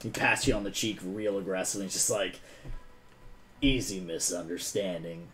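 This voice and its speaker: A man's voice: lowish voice, fairly even intonation, fast talker, bright, forceful tone, faint music behind. A man narrating a tabletop game as game master, casual and filled with "like" and "um".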